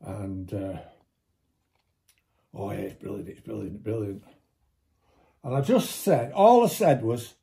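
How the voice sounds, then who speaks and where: A man's voice: on the low side, animated, takes it slowly, gravelly, pauses often, warm tone. A man telling a long anecdote in casual chat, swearing freely and acting out what others said. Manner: swears freely, mimics voices in quotes. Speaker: storyteller.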